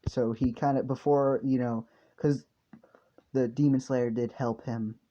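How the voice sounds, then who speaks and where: A man's voice: medium pitch, fairly even intonation, a little slow, warm tone. A man telling a fan story casually, rambling and swearing with lots of fillers. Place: hot room indoors. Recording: dull lo-fi home recording.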